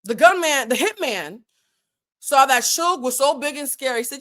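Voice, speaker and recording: A woman hosts a commentary channel and tells a story casually, with plenty of swearing. Her pitch swings widely and her voice jumps up sharply when she reads quotes with emphasis. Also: moderate pace. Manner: animated, profane, reads quotes with emphatic bursts.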